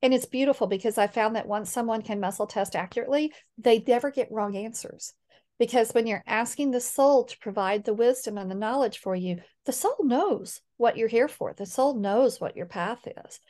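A middle-aged woman speaking as a guest in a conversational interview, earnest and animated when she quotes others. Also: a little high, moderate pace. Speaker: guest, healing coach.

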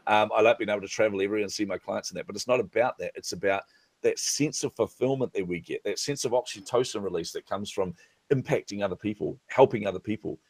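A man's voice: fairly low pitch, quick pace, no room sound. A middle-aged man, a business coach, chatting as a podcast guest and acting out the dialogue in his stories. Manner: animated storyteller, acts out quoted dialogue. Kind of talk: casual interview chat.

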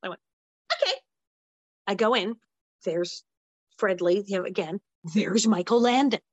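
A woman guest in an interview telling an animated story, acting out the voices of the people in it. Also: moderate pace, dry recording, lo-fi sound. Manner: lively, acts out quoted voices with big pitch jumps.

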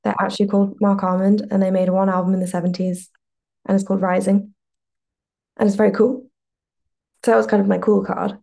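A woman's voice: mid-range voice, little pitch movement, brisk, vocal fry, long pauses, mellow. A young woman guest with a mixed British-American accent, chatting in a laid-back, rambling way on a podcast. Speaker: musician guest. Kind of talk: casual podcast chat.

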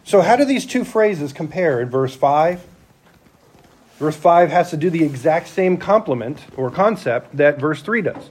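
A man's voice: fairly high pitch, animated, a little slow, husky. A man preaching a sermon as a church elder, talking conversationally and asking his listeners rhetorical questions.

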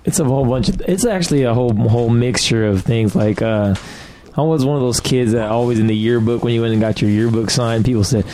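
A man's voice: mid-range voice, fast, dark tone, slight background noise, low-quality recording. A man in his thirties, a guest comedian, telling stories in a casual chat and laughing often. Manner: laughs often while storytelling.

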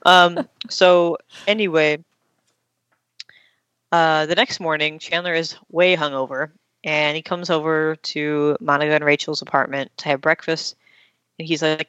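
A woman's voice: low voice, fairly even intonation, moderate pace, a bit bright, no room sound. A woman in casual chat, retelling a story and acting out the quotes. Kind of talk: casual chat, recapping a TV episode. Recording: dull, slightly lo-fi dry recording.

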